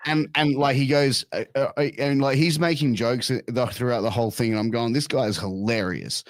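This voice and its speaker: A man's voice: mid-range voice, fairly quick, no echo. A man in his thirties with an Australian accent, telling a crude story in casual chat and swearing a lot. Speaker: podcast guest.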